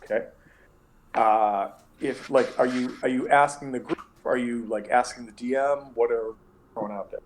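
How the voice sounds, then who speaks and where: A man's voice: medium pitch, steady tone, normal speed. A young man narrating as dungeon master, rambling with many restarts. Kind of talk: narrating a tabletop game.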